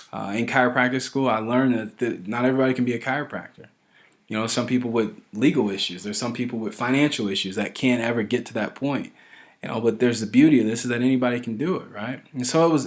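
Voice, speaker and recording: A man's voice: medium pitch, fast. A man in his thirties talking casually and earnestly to his followers, rambling and pressing his points harder as he goes. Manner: earnest, rambling, keeps asking "right?"; grows forceful when stressing a point. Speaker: vlogger addressing followers. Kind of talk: casual direct-to-camera talk.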